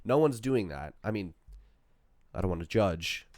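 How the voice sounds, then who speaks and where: A young man co-hosting a podcast, telling a story in casual chat, swearing and breaking into loud, laughing bursts. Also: sits low, lively intonation, unhurried, no echo, clean studio sound. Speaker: podcast co-host.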